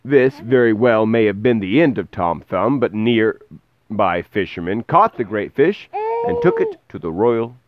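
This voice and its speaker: A man reading a fairy tale aloud in a lively way, pausing to explain words. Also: fairly low pitch, phone-quality sound, background noise. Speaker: storyteller.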